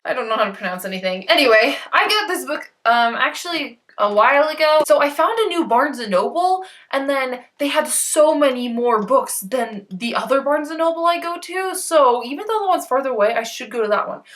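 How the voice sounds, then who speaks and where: A woman's voice: sits high, lively intonation, brisk, hardly any pauses, a bit bright. A young woman chatting casually on her book vlog, bubbly and rambling, tripping over author names as she talks to the camera. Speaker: book vlogger. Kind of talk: casual chat.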